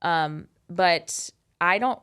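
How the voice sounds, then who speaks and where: A woman in her thirties telling a personal story in a casual, animated, candid way, with frequent swearing. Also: on the low side, extremely slow, clean tone. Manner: animated, candid and profane, with many "like" fillers. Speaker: host.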